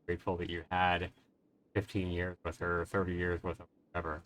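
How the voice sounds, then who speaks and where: A man's voice: low-pitched, completely flat delivery, fairly quick, fairly bright tone. A male streamer commenting on a game live, speaking in an earnest, emotional way and giving reflective advice to his viewers.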